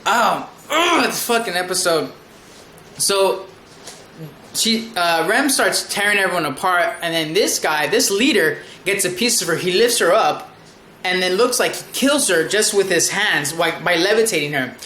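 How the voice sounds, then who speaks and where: A fired-up anime reviewer rambling through an episode recap, cursing freely. The voice is bright and forceful, and the recording has a roomy echo with faint ambience underneath. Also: mid-range voice, moderate pace, a little hiss or hum. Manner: excitable, rambling, profane.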